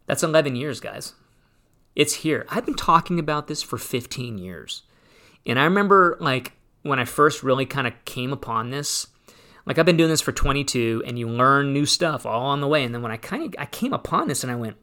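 Male solo host, 40s, money talk; animated, sarcastic, easily fired up. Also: medium pitch, normal speed. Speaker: retirement planning radio host. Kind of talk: casual solo talk show.

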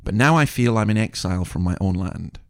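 A man's voice: on the low side, expressive, a little fast. A man in his sixties hosting a podcast, giving an indignant, wry commentary full of asides. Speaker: podcast host. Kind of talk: opinionated commentary monologue.

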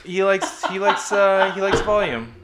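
A man's voice: sits high, animated, unhurried, noisy background. A man co-hosting a podcast, trading teasing, dry jokes in casual banter.

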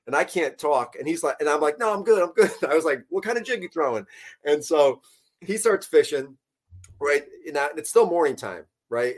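A man casually telling a fishing story, animated and profane, laughing as he goes. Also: a little high.

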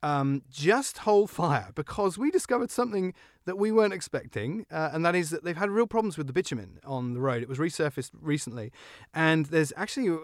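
A man hosting a car podcast, joking and animated as he talks. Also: fairly high pitch, no room sound, clean studio sound. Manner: animated, joking, quick-talking. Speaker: podcast host. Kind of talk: casual car podcast chat.

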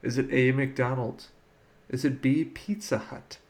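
A man's voice: medium pitch, steady tone, darkish tone. A man hosting a casual podcast quiz, reading out questions and laughing now and then. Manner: reads questions with quick laughs. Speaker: quiz host.

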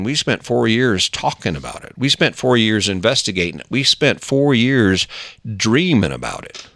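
A middle-aged man talks in a casual, emphatic motivational style and coaxes the listener along. Now and then he jumps up into a higher voice to act out small scenes. His voice sits at an ordinary pitch and sounds dry and close. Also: fairly bright tone, no room sound. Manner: emphatic, coaxing, acts out little scenes in a higher voice. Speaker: motivational talker.

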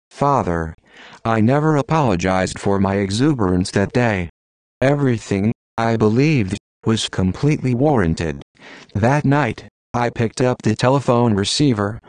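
A man's voice: fairly low pitch, dry recording. Man reading fiction in a dry booth. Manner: first-person, plain and steady reading. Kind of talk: audiobook narration of literary fiction.

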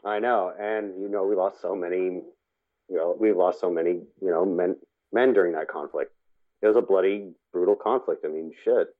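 A man co-hosting a casual film podcast, relaxed and jokey. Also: low voice, normal speed. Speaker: podcast co-host. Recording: tinny phone-like line.

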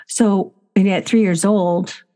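A middle-aged woman hosting a casual spiritual podcast chat, telling a family story with animated energy. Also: medium pitch, slow pace. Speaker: podcast host.

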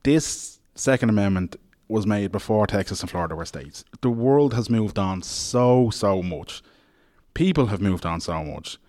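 A man's voice: on the low side, animated, a little slow, darkish tone. A man arguing bluntly and with exasperation in a studio debate. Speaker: panelist.

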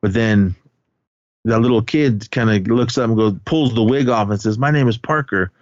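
A man's voice: on the low side, normal speed, a little mellow, no echo, highs cut off. Rambling man recapping a movie. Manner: rambling, full of fillers and restarts. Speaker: podcast co-host.

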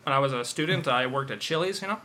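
Bright-voiced laid-back podcast host man. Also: mid-range voice, fast. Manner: laid-back, says "you know" a lot. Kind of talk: casual chat.

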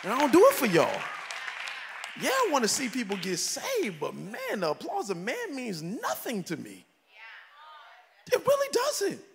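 A middle-aged pastor delivering a sermon, shouting and preaching with comic impressions of his congregation. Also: extremely high pitch, huge pitch swings, unhurried, creaky, long pauses, crowd noise, noisy background. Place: large church hall. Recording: echoey church hall with faint ambience.

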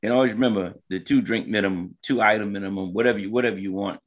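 A man's voice: on the low side, steady tone, racing. A man who is a comedian and co-host, chatting casually on a talk show, joking and repeating his phrases. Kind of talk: casual radio show chat.

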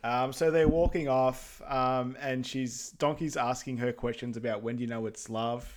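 A man's voice: mid-range voice, steady tone, normal speed, slight background noise. A man co-hosting a podcast, recapping a film in casual chat, hesitant with frequent ums and uhs. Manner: hesitant, starts lines with um and uh. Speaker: podcast co-host.

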